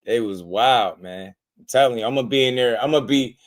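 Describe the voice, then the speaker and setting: A man's voice: medium pitch, normal speed. A man in the middle of the male range hosts a boxing channel, riffing loosely on clips he has just watched. His talk is slangy and rambling, and it is broken up often by laughter. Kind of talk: casual reaction commentary.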